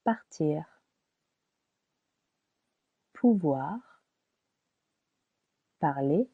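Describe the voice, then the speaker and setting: A woman giving a scripted language lesson, speaking slowly and deliberately and repeating each word for learners to copy. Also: lowish voice, dry recording. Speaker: French teacher. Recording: dry, tinny phone-like sound.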